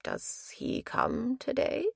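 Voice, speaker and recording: A woman voicing a frail elderly invalid husband who speaks weakly, slowly and breathily. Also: dry recording, clean studio sound, natural voice. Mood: frail, fond. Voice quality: weak and breathy, slow.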